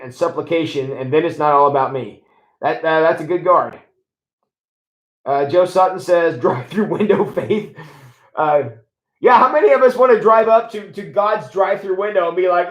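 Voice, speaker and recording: A man talking as a pastor on a livestream, conversational and animated, reading viewer comments and acting out mock prayers. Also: fairly high pitch, moderate pace, roomy sound, poor audio.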